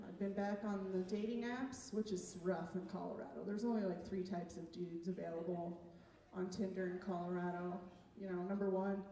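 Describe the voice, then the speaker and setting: A woman doing a stand-up set on a comedy club stage, chatty and self-mocking, laughing at her own jokes. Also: medium pitch. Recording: echoey room, far from the mic, noisy.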